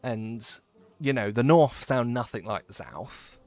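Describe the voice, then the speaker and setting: During a relaxed gaming stream, this English speaker, his accent tinged with Midlands, wanders from topic to topic and curses frequently. He sounds animated but unhurried in a mid-range voice.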